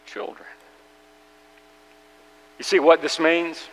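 A man preaching a sermon to his congregation, earnest and urgent, swinging between loud emphasis and hushed tenderness. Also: on the high side, steady tone, slow pace, vocal fry, long reverb tail, poor audio. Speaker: pastor. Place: church sanctuary.

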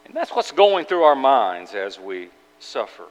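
A man preaching a sermon in an earnest, halting way, often restarting his words. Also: mid-range voice, very animated, lo-fi sound. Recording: long hall reverb.

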